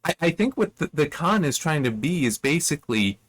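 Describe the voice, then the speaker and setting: Very animated and fairly bright in tone, this man's fairly high voice moves at a normal speed with no echo. In casual spoken book commentary, he rambles, fixes himself mid-sentence, and breaks into short performances of characters' lines.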